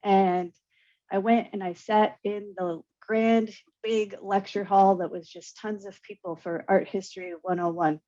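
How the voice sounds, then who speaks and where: A woman's voice: mid-range voice, unhurried. A woman, an artist and curator, telling a personal story earnestly and with feeling on a panel. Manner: earnest, emotional, animated storytelling with laughs. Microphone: video call. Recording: dull lo-fi video call audio.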